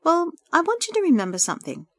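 A woman reading a story aloud, voicing a kind woman friend who speaks gently and encouragingly. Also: mid-range voice, big pitch swings, brisk, no echo, voice pushed up, close to an everyday voice. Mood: gentle.

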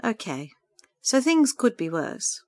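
A woman reading aloud puts on a heartbroken, lonely woman in a storybook, her voice pitched up high and tearful. She pleads in anguish. The recording is close and dry. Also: very animated, slow pace, darkish tone, dry recording. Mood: dismal.

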